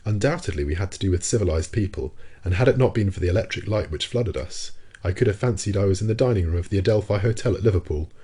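Deep, husky male audiobook narrator. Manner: steady, measured storytelling. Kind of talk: scripted narration of a classic novel.

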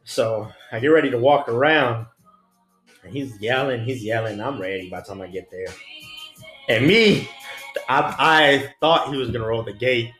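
A man's voice: medium pitch, moderate pace, fairly bright tone. A man, a former prison officer, telling a story in casual, blunt, profane street slang. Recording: roomy echo, faint music.

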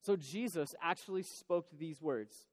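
A man delivers a sermon in a large church hall, telling a story in a lively, conversational manner. His voice sits a little high for a man. The sound carries a long reverb from the hall. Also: unhurried. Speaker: pastor.

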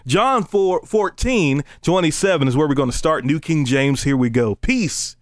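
A man delivers a sermon in an easy, conversational way, mixing playful asides with slow, weighty readings of scripture. His voice sits somewhat high for a man and stays animated. The sound is dry and close, with no room around it. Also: no echo. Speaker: preacher. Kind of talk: casual sermon.

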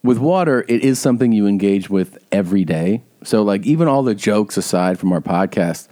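A man's voice: lowish voice, lively intonation, brisk, dark tone. A man hosting a podcast, telling loose, rambling stories with casual swearing. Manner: loose, rambling, profane storytelling. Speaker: podcast host.

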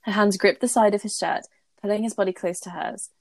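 A woman's voice: medium pitch, fairly even intonation, a little fast, no room sound. A woman co-host reading romantic fan fiction aloud, with giggly, embarrassed asides.

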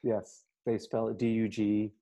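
A man, a missionary guest, answering casual questions with a joking, self-deprecating manner and halting fillers. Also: lowish voice, flat delivery, warm tone. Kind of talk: casual interview chat.

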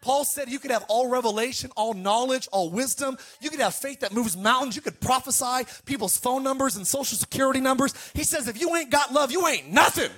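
A middle-aged man preaching a sermon as pastor, telling lively family stories and calling on the congregation to respond. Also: very high-pitched, fairly quick, few pauses. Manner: animated storytelling, calls to the congregation.

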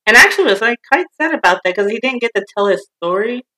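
A woman co-hosting a casual podcast chat, animated and acting out quotes with bursts of laughter. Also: fairly high pitch, fast, poor audio. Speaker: podcast co-host.

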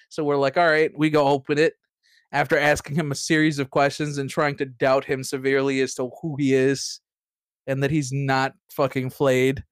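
A man's voice: mid-range voice, level tone, normal speed, clear, resonant tone, dry recording, studio quality. A man casually recapping a tabletop game session, rambling and profane, full of restarts and laughter. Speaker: player recapping last session.

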